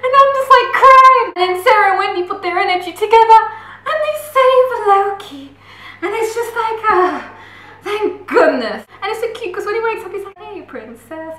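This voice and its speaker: A woman's voice: extremely high pitch, expressive, moderate pace. A woman chatting enthusiastically through a book review, gushing and acting out scenes as she goes. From Australia. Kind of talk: casual book review chat. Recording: roomy echoey room.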